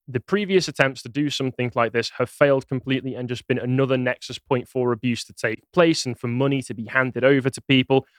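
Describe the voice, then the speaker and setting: A man's voice: mid-range voice, no room sound. A man co-hosting a podcast in casual chat, earnest with a dry, wry humour. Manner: earnest, then dryly jokey. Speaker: podcast co-host.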